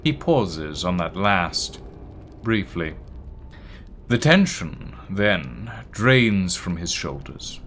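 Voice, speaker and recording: A man narrating a tabletop role-playing game as game master, describing characters' actions at an unhurried pace. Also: low-pitched, sing-song, fairly bright tone, a little hiss or hum.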